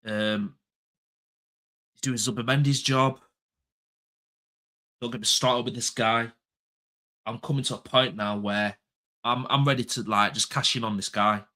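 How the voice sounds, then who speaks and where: On a casual chat show, a young football fan acting as pundit rants about his club in a bright, forceful voice of ordinary male middle pitch. He repeats each point to hammer it home and swears without hesitation. His tone stays steady, his pace is a little slow, and he pauses often.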